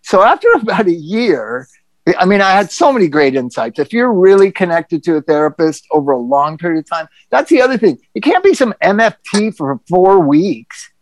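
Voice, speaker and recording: A middle-aged person telling a personal story on a podcast in a candid, profane, animated way. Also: mid-range voice, moderate pace, no echo. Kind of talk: casual storytelling chat.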